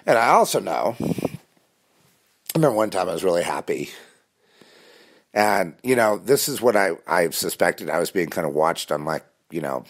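A man's voice: deep voice, animated, normal speed, pauses often. A man talking intensely in a rambling spiritual monologue, full of restarts and fillers.

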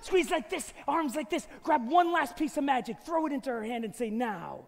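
High-voiced man doing kids' magic patter. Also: animated, normal speed. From United States. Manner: upbeat, playful, leads call-and-response with the audience. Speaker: family magician. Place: concert hall stage. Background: music playing.

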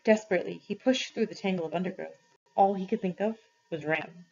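A woman reads a storybook chapter aloud, steady and expressive. Her voice sits in a middle range for a woman. The recording sounds a little dull and lo-fi. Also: mid-range voice, fairly quick, gravelly. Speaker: reader.

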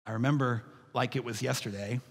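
A man's voice: medium pitch, steady tone, fairly quick, breathy edge. A male pastor preaching a sermon, telling stories in a folksy way and calling the congregation "y'all.". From Texas. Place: church sanctuary. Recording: reverberant church sanctuary.

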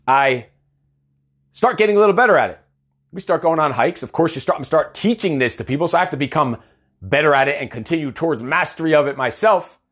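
A man in his thirties, a performance coach, ranting through a profane, animated livestream monologue. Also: on the high side. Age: 30s. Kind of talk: Facebook Live monologue.

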